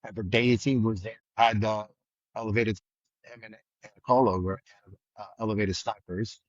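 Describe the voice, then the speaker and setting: A middle-aged man, a retired trooper, telling a story in a blunt, vivid way, loudly acting out the lines of the people he quotes. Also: lowish voice, steady tone, normal speed, dry recording, muffled recording. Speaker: retired state trooper guest. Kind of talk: casual storytelling in a podcast interview.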